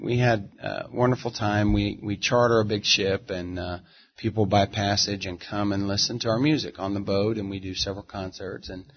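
A middle-aged man with a lowish voice tells stories in a relaxed, reflective interview. He takes his time and drifts between thoughts. The audio sounds dull and muffled. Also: slight background noise. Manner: easygoing, reflective, drawn-out storyteller. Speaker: interview guest, gospel singer. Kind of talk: relaxed conversational storytelling.

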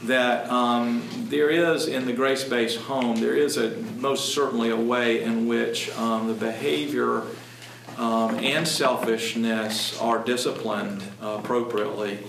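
A man earnestly talking about Christian parenting in a halting, emphatic way. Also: medium pitch, fairly even intonation. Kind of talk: conversational talk. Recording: echoey room, distant mic, background noise.

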